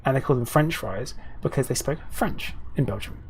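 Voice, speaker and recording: A man's voice: medium pitch, brisk, slight background noise. A British man streaming a game, chatting casually with viewers in a rambling way with lots of ums and restarts.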